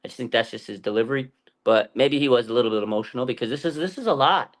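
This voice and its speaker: Guy hosting a fan football stream, rambly and chatty, lots of ums and restarts, mid-pitch voice. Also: fast talker. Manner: rambling, conversational, frequent fillers and restarts. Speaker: fan channel host. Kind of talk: casual sports talk livestream.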